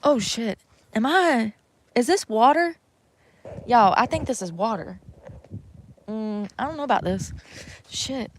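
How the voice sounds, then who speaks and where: A woman's voice: a little high, lively intonation, measured pace, pauses often, slight background noise, poor audio. A young woman chatting casually to viewers on a live stream from outdoors in the snow, swearing freely as she talks. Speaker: livestreamer.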